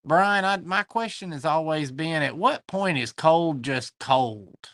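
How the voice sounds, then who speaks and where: A man's voice: a little high, lively intonation, slow pace, a bit bright, dry recording. A man with a Southern US accent hosting a live online antique sale from his shop, chatting folksily and greeting viewers by name. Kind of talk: livestream chat, reading viewer comments.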